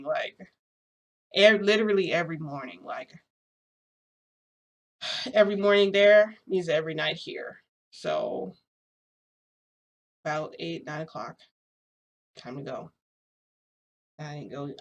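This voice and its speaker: Speaking to her viewers in a casual vlog, a woman with a lowish voice rambles through a story at a measured pace with long pauses. She leans heavily on "like" and lets small laughs slip between phrases.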